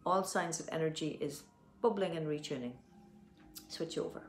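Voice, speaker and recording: Low-voiced Irish woman guiding tapping. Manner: slow, soothing affirmations with spoken instructions. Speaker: tapping practitioner. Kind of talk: guided tapping session, live video. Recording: roomy echo.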